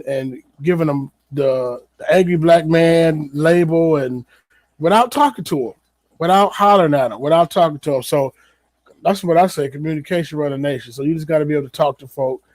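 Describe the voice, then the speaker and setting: A man talking casually as a podcast host, loose and rambling, often repeating himself. His voice sits a little high, and it sounds close and dry. It is relaxed, conversational commentary. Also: no room sound. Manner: loose, conversational, repeats words, many fillers.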